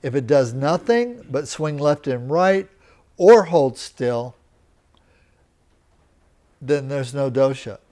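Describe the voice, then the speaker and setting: A man's voice: mid-range voice, a little mellow. A man teaching a live lecture, explaining step by step and often checking that his students understand. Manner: slow, deliberate, checks in with students. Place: teaching center room.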